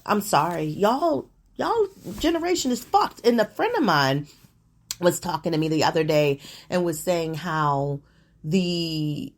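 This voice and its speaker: Profane ranting middle-aged woman. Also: fairly low pitch. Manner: laughs often, stammers and restarts. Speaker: show host. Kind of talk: solo commentary on current events.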